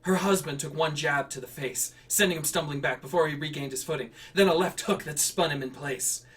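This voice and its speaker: A man's voice: on the high side, fairly quick, fairly bright tone, far from the mic. A man streaming himself writing and reading flash fiction in a casual way, laughing and correcting himself with rambling asides.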